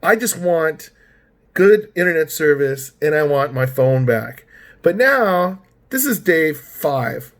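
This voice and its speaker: A vlogger with a higher-than-usual voice who recounts his frustrations in a rambling, exasperated way. He stumbles over restarts and fills his pauses with little asides. His tone is that of someone venting at length to his viewers. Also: very animated. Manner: exasperated, rambling, many fillers. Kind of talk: ranting personal story.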